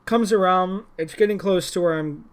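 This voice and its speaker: Young man, casual vlog rant, irritated and rambling, voice slightly higher than usual. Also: moderate pace, clear, resonant tone. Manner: rambling and irritated, many restarts and fillers. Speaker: former gym employee.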